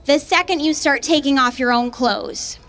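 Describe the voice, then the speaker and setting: A woman's voice: high voice, moderate pace, noisy background. A woman doing a stand-up set in a comedy club, chatty and a little hesitant. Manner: hesitant, chatty delivery with fillers.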